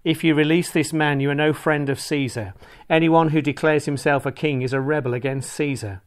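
An angry group of male accusers, as a male scripture reader voices them, insistent and a little louder and higher than the narration. It is still plainly one reader speaking. The reading stays measured rather than acted out. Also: close to an everyday voice.

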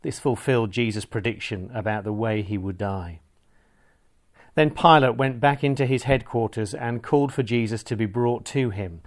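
A man reading a long scripture passage aloud in church, in a measured, formal way. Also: medium pitch. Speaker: scripture reader.

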